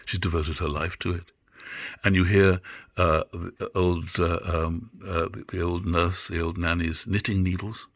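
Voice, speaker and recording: Gravelly low-voiced older man lecturing. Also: little pitch movement, no echo, clean studio sound. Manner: musing, halting with many fillers and restarts. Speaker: lecturer on drama. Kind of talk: unscripted lecture.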